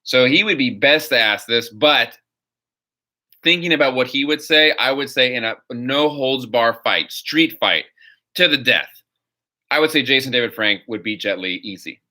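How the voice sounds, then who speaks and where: A man's voice: medium pitch, normal speed, bright, forceful tone. A man hosting a live stream, answering viewer questions in a rambling, opinionated way. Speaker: host.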